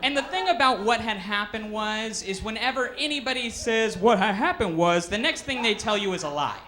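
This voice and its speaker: A man's voice: high voice, normal speed, background noise. A man doing a stand-up comedy set on stage, telling stories with many fillers. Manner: storytelling with frequent fillers.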